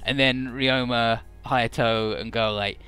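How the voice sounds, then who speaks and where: A man's voice: mid-range voice, steady tone, slow, sharp tone, smooth, no room sound, faint music behind. A man giving casual, joking commentary over a video game playthrough, summarizing the story in a rambling way. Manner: joking, rambling, paraphrasing characters.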